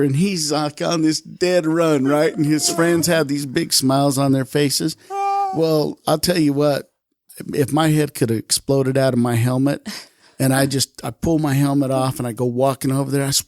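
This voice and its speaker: A man in his fifties, a retired police officer, telling a casual story as a podcast guest. He talks in an animated way, swears freely and acts out the lines he quotes. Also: a little high, measured pace, no echo.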